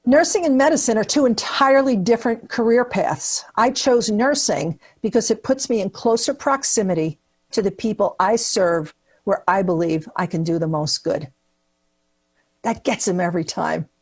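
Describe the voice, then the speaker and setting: A woman's voice: mid-range voice, normal speed, breathy edge. A woman from New Jersey, a nurse, giving a prepared speech at an awards event with punchy comic asides, recorded on a webcam. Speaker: keynote speaker at nursing awards.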